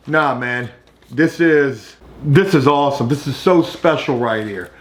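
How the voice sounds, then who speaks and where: A middle-aged man, vlogging casually and swinging between hushed asides and excited outbursts. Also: mid-range voice, measured pace. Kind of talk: casual vlog talk.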